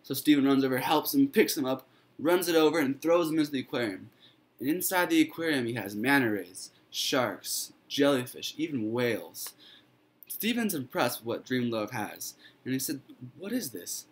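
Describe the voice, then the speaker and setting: A man's voice: medium pitch, animated, moderate pace. A man telling a fairy tale he made up, in a loose, informal way with fillers and restarts. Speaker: student storyteller.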